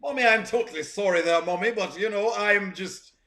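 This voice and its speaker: A man's voice: sits high, sing-song, takes it slowly, sharp tone, heavily acted. A man voicing a snobbish little boy who puts on a fancy, affected way of talking to look down on his mother. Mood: haughty. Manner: prissy, affected fancy talk.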